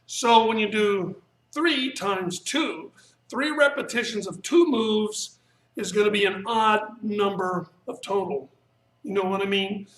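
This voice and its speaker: A man's voice: sits high, fairly bright tone. A man coaching a live-streamed workout as a martial arts instructor, casually talking through moves and counting breaths aloud. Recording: echoey room.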